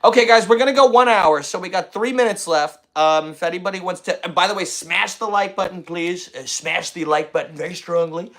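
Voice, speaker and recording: A man's voice: high-pitched, fairly even intonation, fairly quick, hardly any pauses, a bit bright. A man hosting a comedy podcast, rambling and boastful, repeating himself as he riffs. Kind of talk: casual comedy podcast chat.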